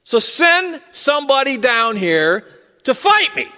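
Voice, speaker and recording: A man voicing a boastful, mocking giant warrior who shouts his challenge, heard with the long reverb of a large hall. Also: very high voice, very animated, takes it slowly, voice pushed up, full character voice. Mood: taunting. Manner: taunting, loud and defiant.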